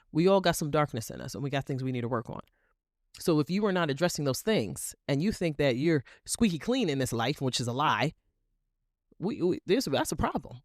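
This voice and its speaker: A woman's voice: sits low, dry recording, clean studio sound. A woman hosting an inspirational podcast, telling stories animatedly and repeating phrases for emphasis. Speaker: podcast host. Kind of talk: inspirational monologue.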